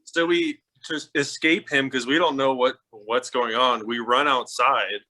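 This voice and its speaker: A man from Utah telling a family story in a casual, animated way, laughing and filling with "like". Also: mid-range voice, a little slow. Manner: animated, laughing, lots of "like" fillers.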